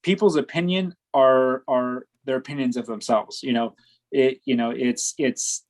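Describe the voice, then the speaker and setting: Measured man, halting podcast chat. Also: mid-range voice, rough recording. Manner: hesitant, many fillers and restarts, measured and agreeable. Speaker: podcast co-host. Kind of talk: casual chat.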